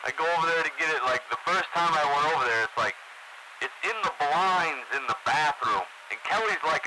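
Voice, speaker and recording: A man's voice: on the high side, expressive, brisk. A man co-hosting a radio show, chatting casually and swearing constantly through his stories. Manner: profane, swears constantly while telling stories. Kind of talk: casual chat. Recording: loud background noise.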